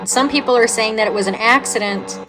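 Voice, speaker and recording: Excitable woman running a spirit box session. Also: on the high side, a little fast, music in the background. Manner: talks to spirits in questions, gasps and exclaims. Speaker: paranormal vlogger. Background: candle crackling.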